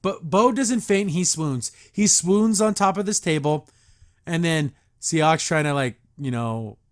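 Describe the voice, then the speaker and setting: A man's voice: on the high side, unhurried. A man hosting a podcast, recapping and reacting to a cartoon episode in a sarcastic, exasperated rant.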